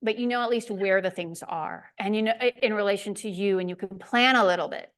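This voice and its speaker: A woman giving a community presentation, telling a lively, self-deprecating hiking story. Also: medium pitch, fairly quick. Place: lecture room.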